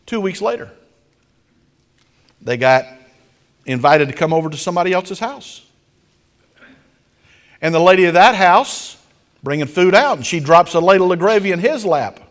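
Animated preaching man in an echoing hall. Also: fairly high pitch, normal speed, long pauses. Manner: animated, dramatic storytelling preaching. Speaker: pastor. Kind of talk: sermon.

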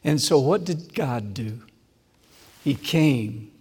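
A man preaching a sermon with personal testimony, swinging from loud emphasis to hushed, slow, repeated phrases. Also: medium pitch, animated, breathy edge, long reverb tail.

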